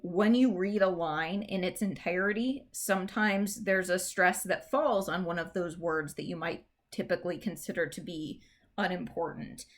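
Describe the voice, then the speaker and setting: A woman's voice: lowish voice, moderate pace. Casual woman teaching poetry meter. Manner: casual, explanatory, with frequent fillers and restarts. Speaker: English teacher. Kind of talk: recorded classroom lesson.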